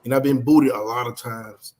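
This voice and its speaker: A man joining a live-stream discussion as a guest, speaking haltingly with frequent restarts. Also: mid-range voice, fairly even intonation, a little mellow, a little hiss or hum. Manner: halting, restarts his words often.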